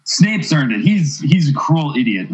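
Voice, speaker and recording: A man's voice: a little high, sing-song, measured pace, dull audio. A man guesting on a podcast, chatting casually, blunt and ranty, swearing freely. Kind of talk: casual chat.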